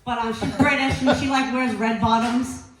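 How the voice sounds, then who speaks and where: A woman's voice: a little high, fairly even intonation, moderate pace, a crowd in the background. A woman doing a stand-up set, rambling and crude, losing her place and laughing at herself. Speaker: stand-up comedian. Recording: very echoey room.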